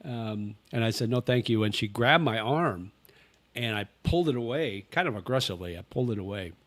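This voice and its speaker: A man's voice: on the low side, lively intonation, brisk, fairly bright tone, no echo. An older man hosting a casual livestream, rambling easily and answering chat questions. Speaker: livestream host. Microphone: webcam with face tracking.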